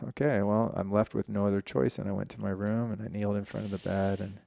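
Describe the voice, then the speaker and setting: This fast-talking man in his forties, a podcast guest, tells a personal story openly and casually, swearing as he animatedly relives it. His voice is lowish and creaky.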